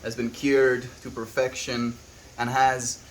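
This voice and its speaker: A South African man chatting on a livestream, soft-spoken and reflective, reading viewers' messages aloud. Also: mid-range voice, level tone, slow pace, a little hiss or hum. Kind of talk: casual livestream chat.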